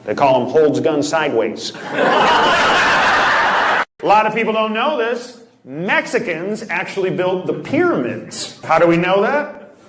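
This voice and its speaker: Deadpan stand-up comic on a club stage. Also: male voice, high-pitched, takes it slowly, long pauses, echoey room, very noisy. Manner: deadpan one-liners, teasing the audience. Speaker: stand-up comedian. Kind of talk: stand-up set with crowd work. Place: comedy club stage before a live audience. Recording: live club recording with crowd laughter.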